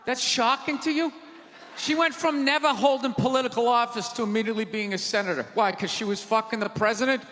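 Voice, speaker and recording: Brief: high-voiced male stand-up comic, loud exasperated rants, live theater with crowd noise and long reverb. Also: steady tone, a little fast. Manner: loud, ranting, exasperated delivery. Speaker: stand-up comedian. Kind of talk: stand-up comedy set. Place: theater stage before a live audience.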